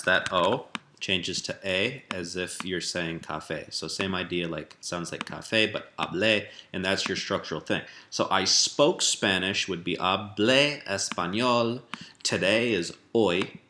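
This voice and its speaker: A man giving a relaxed spoken language lesson, explaining step by step with fillers and rephrasing. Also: deep voice, a little hiss or hum. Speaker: language teacher.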